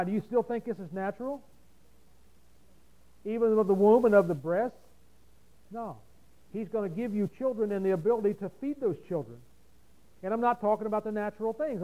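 A man preaching a sermon, folksy and rhetorical, swinging from loud emphasis to quiet asides. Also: sits high, rough recording.

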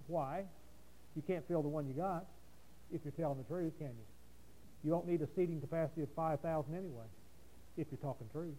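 A man preaching a sermon, folksy and rhetorical, swinging from loud emphasis to quiet asides. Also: fairly high pitch, a little fast, pauses often, poor audio.

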